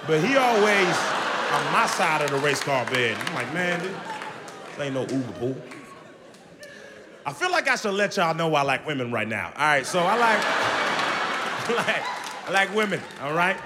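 A young man performs stand-up in a large venue, his high voice swinging wildly between registers as he shouts punchlines. The sound carries a long hall reverb and a crowd in the background. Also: moderate pace, very noisy. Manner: loud, animated, jumps to high shouts. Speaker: stand-up comedian. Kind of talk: stand-up comedy set. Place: large comedy venue on stage. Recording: live show in a hall with audience.

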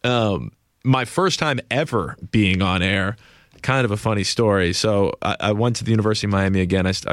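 A man's voice: on the low side, no echo, clean studio sound. A man who works as a news correspondent, a guest on an interview show, talking in a reflective, self-deprecating way about his career. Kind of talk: casual interview chat.

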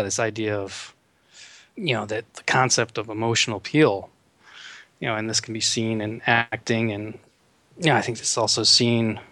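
A man's voice: lowish voice, fairly bright tone, no echo. A male neuroscientist explaining ideas as a guest in a casual interview, with many "you know" fillers.

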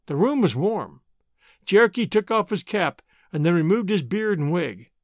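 Lively, high-voiced male storyteller. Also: moderate pace, dry recording, clean studio sound. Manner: expressive, acts out character voices. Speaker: narrator. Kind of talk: storybook narration.

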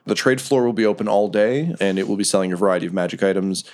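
A man acting as game master, narrating a tabletop role-playing game in a relaxed way with fillers. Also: lowish voice, fast.

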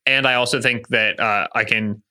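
A man's voice: medium pitch, fairly even intonation, moderate pace, sharp tone. A man co-hosting a casual sports podcast, giving analysis with dry humor. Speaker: podcast co-host. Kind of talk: casual chat.

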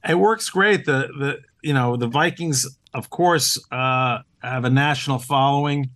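In this relaxed podcast interview, the guest is a man who owns a team, speaking a little slowly in a fairly bright, mid-range voice. Upbeat and earnest, he sprinkles in plenty of "uh"s and restarts his sentences. There's no room sound.

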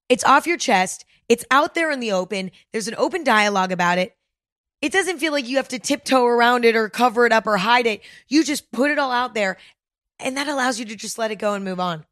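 A woman's voice: fairly high pitch, fairly bright tone, dry recording, studio quality. A woman hosting a self-help podcast, talking straight to listeners in a direct, coaching way and often checking in with them. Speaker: podcast host.

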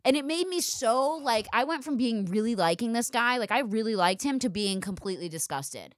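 A young woman hosting a podcast, telling a wild story in a loud, profane, animated way and acting out the voices of the people in it. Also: a little high, a little fast, dry recording, studio quality. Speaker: podcast host. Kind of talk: casual storytelling chat.

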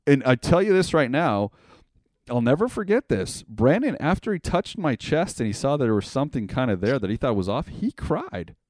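A man hosting a podcast, telling a story in a casual, animated way, acting out what others said and swearing freely. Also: medium pitch, normal speed, no echo, studio quality. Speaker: podcast host.

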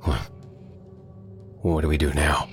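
A man's voice: a bass voice, slow, faint music behind, full character voice. A man voicing a frightened former postal worker who talks shakily and stammers. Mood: panicked. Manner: shaky, stammering. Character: nervous, frightened young-ish ex-postal worker.

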